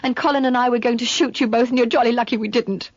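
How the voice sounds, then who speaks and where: Give me a woman voicing a high, fiery young woman, tearful and outraged, dry sound. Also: steady tone, quick pace, no echo, lo-fi sound. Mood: indignant. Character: spirited indignant young woman.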